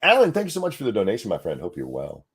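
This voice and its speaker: Low-voiced, lively man chatting on stream. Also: very fast, slightly rough. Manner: animated, profane, jokey, with restarts. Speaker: co-host of a live stream show. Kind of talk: casual live stream chat reading donations.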